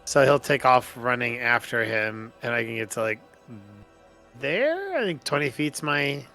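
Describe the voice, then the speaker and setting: Bright-voiced player man, thinking aloud. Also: medium pitch, big pitch swings, a little slow, gravelly, soft background music. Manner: hesitant, thinks aloud with many ums. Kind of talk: casual tabletop game play.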